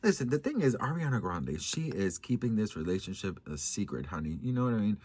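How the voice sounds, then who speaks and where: A man telling dating stories to his viewers in a casual, sassy, dramatic way, swearing and changing his pitch often. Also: very animated, brisk, a little mellow, breathy edge. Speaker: vlogger. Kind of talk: casual storytime chat.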